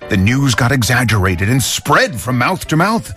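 Man narrating with a very animated voice. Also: medium pitch, normal speed, soft background music. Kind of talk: children's story narration.

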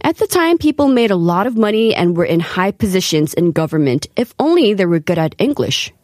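A woman's voice: medium pitch, fairly quick, dry recording. Woman hosting a dry-sounding radio segment. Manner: careful, lively read with rising emphasis. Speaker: radio host. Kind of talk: scripted radio segment on history.

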